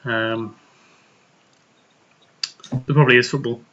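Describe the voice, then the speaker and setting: A man's voice: mid-range voice, steady tone, slow pace, fairly bright tone, dull audio. A man co-hosting a casual podcast chat over beers, joking, sweary and rambling. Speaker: podcast co-host.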